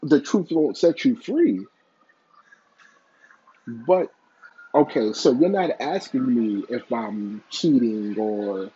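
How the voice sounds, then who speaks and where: A man's voice: medium pitch, slow, pauses often, warm tone, slightly rough, lo-fi sound. A man giving blunt, profane, opinionated casual commentary.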